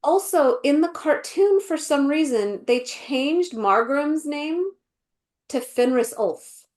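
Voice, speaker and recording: A woman co-hosting a podcast in casual chat, animated and full of fillers, often acting out quotes. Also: high voice, slow. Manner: animated, acts out quotes in voices, many fillers. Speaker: podcast co-host.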